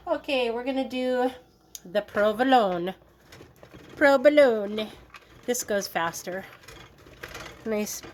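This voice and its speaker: A woman's voice: mid-range voice, a little hiss or hum. A woman hosting a cooking video, chatting casually in a playful, joking way while she works in her home kitchen. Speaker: cooking vlogger.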